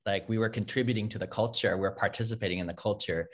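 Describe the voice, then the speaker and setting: A man's voice: fairly low pitch, steady tone, fast talker. A man from California who danced in the film, speaking earnestly and reflectively on a video call. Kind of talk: casual panel talk.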